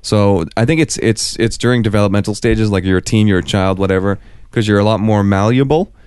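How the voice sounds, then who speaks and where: A young man with a Canadian accent rambles through casual podcast banter, swearing freely and correcting himself as he goes. His voice sits a little low and sounds smooth and resonant. The recording is close and dry. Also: a little fast, darkish tone, dry recording. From South Africa. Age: 20s. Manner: rambling, profane, self-correcting. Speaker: podcast co-host. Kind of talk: casual chat.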